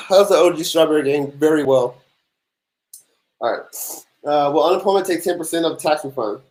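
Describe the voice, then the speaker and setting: A man's voice: a little high, animated, moderate pace, darkish tone. Sleepy man on a livestream. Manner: laid-back, yawning, sleepy, chatty. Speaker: tax livestream host answering viewer questions. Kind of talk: casual livestream Q&A. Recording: echoey room.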